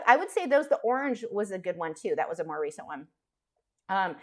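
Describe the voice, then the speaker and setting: A woman chatting casually while teaching a live drawing stream, frank and talkative, with frequent fillers and restarts. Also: fairly high pitch. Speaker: art instructor streaming live.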